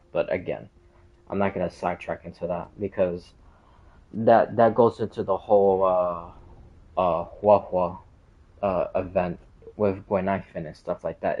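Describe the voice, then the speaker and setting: A man's voice: low voice, highs cut off. A man explaining game lore in a casual, rambling way, full of fillers and side tracks. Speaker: game streamer.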